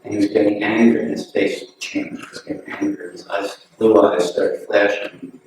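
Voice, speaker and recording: A man giving an anecdotal remembrance at a memorial gathering, telling relaxed stories and chuckling often. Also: lowish voice, normal speed. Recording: very echoey hall, distant mic, noisy.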